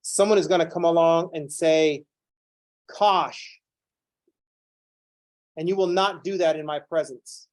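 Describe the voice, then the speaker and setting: A man teaching a calculus class who lectures in an animated, playfully ranting way. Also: on the high side, brisk, few pauses. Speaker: calculus instructor.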